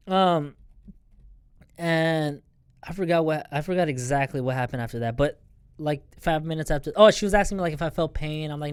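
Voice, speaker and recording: Profane storytelling young man, slightly high. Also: normal speed, darkish tone, clean tone, dry recording, studio quality. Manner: profane, rambling, laughing often. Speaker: podcast host. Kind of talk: casual storytelling.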